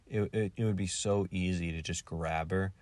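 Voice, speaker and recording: A man's voice: low voice, fairly even intonation, moderate pace, a little mellow, no echo. A man casually recapping and reviewing an episode, rambling with lots of filler words. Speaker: video reviewer.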